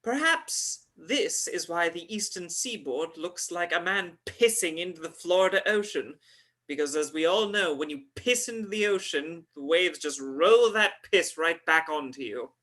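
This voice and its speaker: A woman voicing an earnest, self-assured woman who lectures in a measured, declaiming way in a live play reading. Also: fairly low pitch, expressive, fairly bright tone. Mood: lecturing.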